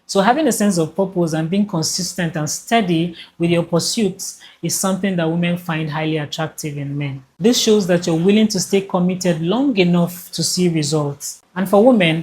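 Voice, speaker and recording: A woman's voice: on the low side, a little mellow, a little hiss or hum. A woman giving casual dating advice straight to the viewer in a direct, conversational way. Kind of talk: casual advice talk to camera.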